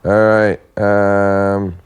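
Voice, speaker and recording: A man's voice: lowish voice, monotone, very slow, clear, resonant tone. A man hosting a casual podcast chat, telling crude, rambling stories full of restarts.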